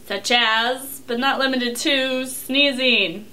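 Giggly high-voiced young woman, allergies. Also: unhurried, few pauses, bright, forceful tone. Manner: silly, giggly, rambling. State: congested from allergies. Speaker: vlogger. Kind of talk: goofy blooper reel chat.

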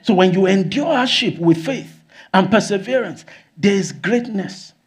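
High-voiced pastor preaching. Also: male voice, lively intonation, unhurried. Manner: exclaims hallelujah often, rises to shouts. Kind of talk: sermon.

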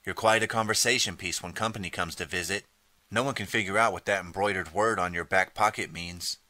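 Low-voiced man narrating an audiobook. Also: fairly quick, no echo. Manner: steady storytelling, reading out page choices. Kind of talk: scripted second-person narration.

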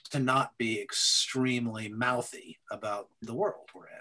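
An older man, a guest actor, chatting in a casual interview, animated and laughing, with stammering restarts and some swearing. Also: mid-range voice, a little slow. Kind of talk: casual interview over a call.

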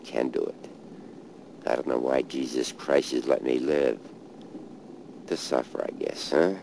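A man speaks slowly and haltingly at a graveside, circling back over the same words. His voice sits very low with a gravelly edge. The outdoor recording is noisy, with traffic passing nearby. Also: steady tone, darkish tone. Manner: grieving, halting, repeats himself. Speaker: street hustler. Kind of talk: documentary monologue at a grave. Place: outdoors at a cemetery by a car.

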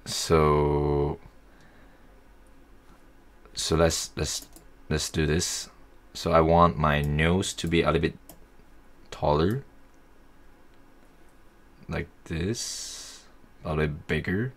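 A young man casually talking through a software tutorial, thinking aloud as he works. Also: extremely low pitch, steady tone, slow pace, pauses often. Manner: easygoing, thinking aloud while working. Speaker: tutorial host.

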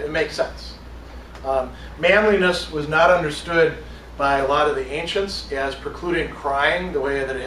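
A man's voice: a little high, fairly bright tone, slight background noise. A man teaching a college philosophy class in a casual, conversational way, reading passages aloud and explaining them to students. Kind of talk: classroom lecture. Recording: roomy classroom from a distance with faint ambience.

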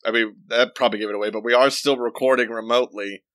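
A man's voice: mid-range voice, fairly even intonation, quick pace, fairly bright tone, no echo. A young man co-hosting a movie podcast from home, chatting casually and rambling with lots of fillers. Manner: laid-back, rambling with fillers. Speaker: podcast co-host. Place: home, remote recording.

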